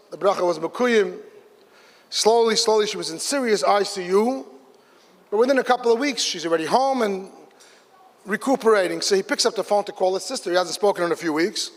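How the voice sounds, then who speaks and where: A man telling an animated story at a religious gathering, acting out the dialogue of the people in it. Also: sits high. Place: large hall. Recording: live hall with long reverb.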